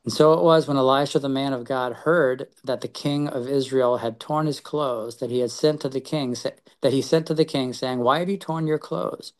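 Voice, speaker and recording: A man of ordinary, mid-range pitch reads scripture aloud to a small study group and then thinks it through out loud. His delivery is earnest and unpolished, stalling on words and restarting phrases as he goes. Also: fairly even intonation. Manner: halting, with frequent repeated words and restarts. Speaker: Bible study leader. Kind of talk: reading scripture aloud and reflecting.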